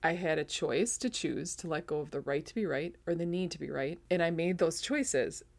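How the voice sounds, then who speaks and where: A middle-aged woman with a low voice gives an earnest faith testimony on her podcast. She sounds teary-eyed and emotional, and now and then she laughs at herself. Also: moderate pace, creaky. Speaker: podcast host.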